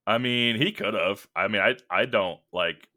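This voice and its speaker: Co-hosting a podcast, this young man rambles through a casual story from work, full of fillers and false starts. His voice is lowish and sharp-toned, and he talks at normal speed.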